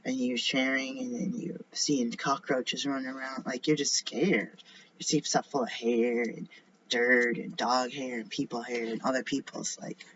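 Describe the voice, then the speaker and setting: A man's voice: medium pitch, level tone, measured pace, fairly bright tone. A man vlogging in a casual, rambling monologue, drifting between topics and often dropping into a whisper. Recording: slightly dull lo-fi recording with faint noise.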